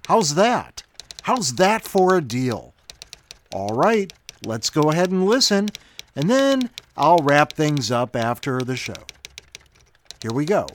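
A man's voice: a little high, big pitch swings, slow, slight background noise. Chatty man hosting a story podcast. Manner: chatty and upbeat. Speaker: podcast host. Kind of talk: podcast introduction.

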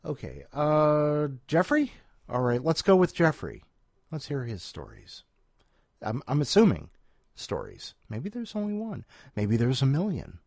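Rambling man hosting a podcast, lively pitch. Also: measured pace, gravelly, no echo. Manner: rambling, self-deprecating, talks to his cat between segments. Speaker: podcast host. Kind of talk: casual chat. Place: at home, doing laundry with coffee.

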